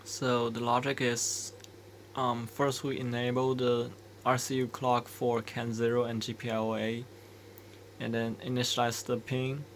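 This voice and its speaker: A man's voice: mid-range voice, flat delivery, unhurried, slight background noise. A man explaining microcontroller code step by step, thinking aloud with hesitant restarts. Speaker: embedded developer explaining code. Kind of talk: screen-recorded coding walkthrough.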